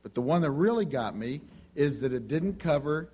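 A man preaching a sermon, telling a personal story in a conversational, animated way and acting out the dialogue. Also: a little high, moderate pace, breathy edge.

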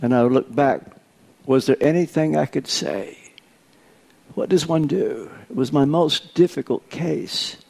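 An older male preacher delivers a sermon in a slightly high voice. He speaks slowly and takes his time with each story. His humor is dry. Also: creaky, a little mellow.

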